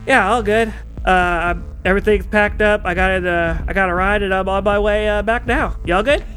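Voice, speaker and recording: A man's voice: high voice, fairly even intonation, normal speed, a bit bright, faint music behind. A man playing a tabletop game, talking in character in a drawling, rambling way. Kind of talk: in-character role-play.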